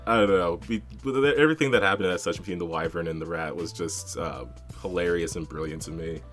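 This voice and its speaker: A man co-hosting a podcast, recapping a tabletop game in casual chat, amused and halting, often repeating words. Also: sits low, a bit bright, faint music behind. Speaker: podcast co-host.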